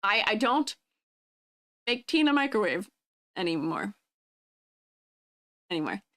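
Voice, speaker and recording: Her medium-pitched voice swings widely in pitch and has a sharp tone, with a measured pace. She's a vtuber in her twenties streaming live, giggling and bubbly while casually reading and replying to chat.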